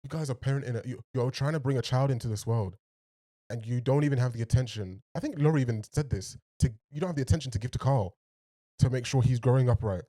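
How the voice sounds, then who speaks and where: A man's voice: mid-range voice, fast talker, dark tone, dry recording, clean studio sound. A man hosting a TV reaction video, talking expressively to his viewers, laughing and trailing off as he reacts. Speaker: TV reaction host. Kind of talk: emotional reaction commentary.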